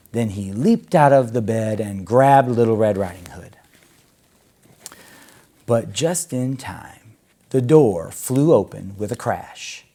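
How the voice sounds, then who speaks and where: A man reading a children's story aloud in a gentle, expressive storytelling way. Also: lowish voice.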